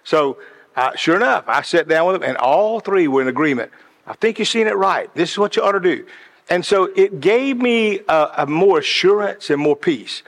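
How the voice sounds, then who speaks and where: In a high, fairly bright voice, a man speaks earnestly and passionately about decisions in a talk that resembles a sermon. Long hall reverb surrounds him, and he repeats words frequently to build his argument.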